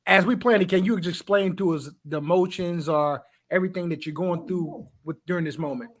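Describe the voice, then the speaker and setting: A man hosting an interview, asking questions in a soft-spoken, considerate way. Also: high voice, a little fast. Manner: soft-spoken, gently asks the guest's permission. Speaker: host.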